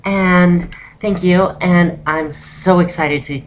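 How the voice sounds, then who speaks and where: A young woman giving a casual spoken voice-training tutorial, relaxed and rambling with lots of ums. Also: fairly low pitch, slow, slight background noise. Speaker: vlogger teaching voice training.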